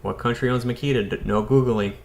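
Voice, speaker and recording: A man's voice: mid-range voice, steady tone, fairly quick, gravelly. An American man in his thirties, an electrician, chatting casually on a live stream, rambling and talking straight to his viewers. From United States. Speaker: electrician and YouTuber.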